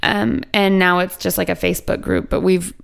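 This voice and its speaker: A woman co-hosting a podcast, chatting loosely with a gravelly, fry-tinged voice. She laughs often and swears casually as she talks. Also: on the low side, little pitch movement, moderate pace. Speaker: podcast co-host. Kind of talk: casual chat.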